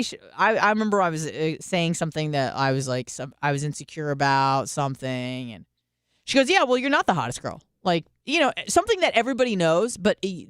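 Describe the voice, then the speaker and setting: A woman's voice: low-pitched, clear, resonant tone, no room sound, clean studio sound. Candid, chatty woman radio host. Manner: candid, chatty, with profanity and acted-out quotes. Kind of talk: casual monologue.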